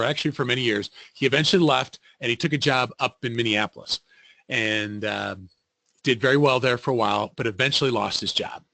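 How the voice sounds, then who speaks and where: A middle-aged man presenting a webinar in a lively, storytelling way, acting out the voices of people he quotes. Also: mid-range voice, creaky, no echo. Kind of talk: interactive webinar talk.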